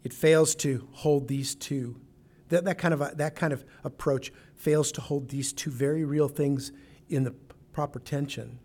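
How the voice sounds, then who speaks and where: A man's voice: a little high, fairly even intonation, measured pace, darkish tone. A man preaching a sermon as a pastor, earnest and emphatic, now and then restarting a phrase.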